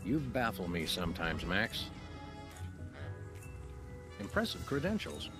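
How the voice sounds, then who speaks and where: Deadpan, formal dog detective. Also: male voice, fairly low pitch, slow pace, loud music behind the voice, full character voice. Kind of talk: cartoonish video game voice acting.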